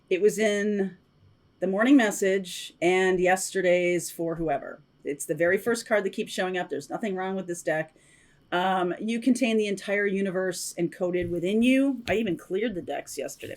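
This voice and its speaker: Chatty woman giving a tarot reading. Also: mid-range voice. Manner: chatty, intuitive, frequent fillers and asides. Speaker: tarot reader. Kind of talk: casual spoken tarot reading.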